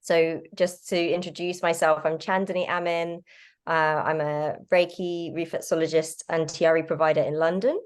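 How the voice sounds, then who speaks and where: A woman hosting a relaxed online conversation, introducing her guest in an easygoing way with frequent fillers. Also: low voice, moderate pace, smooth. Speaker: host.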